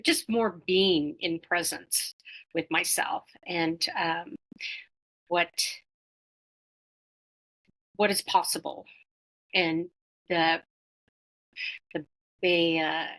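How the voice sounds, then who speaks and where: A woman's voice: fairly low pitch, drawn-out words, long pauses, a bit bright, low-quality recording. A middle-aged woman talking as an interview guest, reflecting casually with many fillers and restarts.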